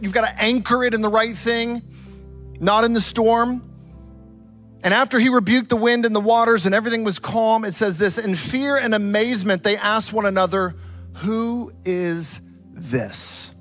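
High-voiced preacher, dramatic. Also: male voice. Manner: dramatic storytelling, swings from loud to hushed. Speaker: pastor. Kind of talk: sermon.

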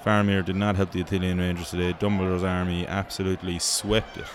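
An Irish man with a very low voice runs his show like a sports pundit. He rambles and jokes, swearing freely. The delivery is loose, casual banter. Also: level tone, fast talker, background noise. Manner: profane, joking, rambling banter. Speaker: host. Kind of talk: mock sports commentary.

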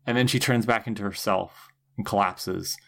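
A man co-hosting a podcast, retelling a TV episode in casual chat and acting out the characters' lines with lively shifts in voice. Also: fairly low pitch, moderate pace, gravelly. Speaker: podcast co-host.

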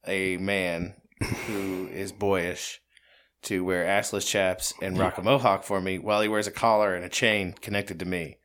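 Lower-voiced male podcast co-host, loose and rambling, jokes and swears freely. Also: level tone, unhurried, a bit bright. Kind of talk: casual chat.

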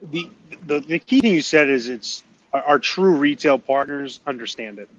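A man from northern Maine talks casually as a podcast guest, easygoing and self-deprecating. His voice sits at a middle pitch, and the recording sounds a little dull. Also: lively intonation, normal speed. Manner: chatty, self-deprecating, with frequent restarts. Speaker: cigar company guest. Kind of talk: casual interview chat.

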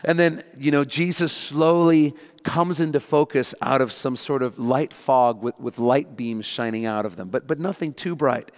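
A man delivering a sermon with animated storytelling, acting out the scene as he goes. His voice sits in the middle range, and a long reverb trails each phrase. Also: medium pitch, moderate pace, hardly any pauses. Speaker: pastor.

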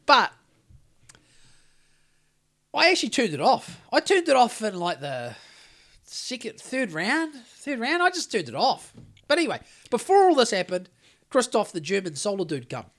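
A man's voice: very high voice, wildly swooping pitch, normal speed, long pauses, a bit bright. An Australian man co-hosting a podcast, telling a long story in a rambling, sweary way with lots of restarts. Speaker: podcast co-host. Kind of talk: casual chat.

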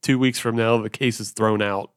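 A man's voice: lowish voice, moderate pace, clear, resonant tone, no room sound. Jokey, profane man on a dry mic. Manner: jokey, profane, animated storyteller. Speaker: podcast co-host. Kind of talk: casual chat.

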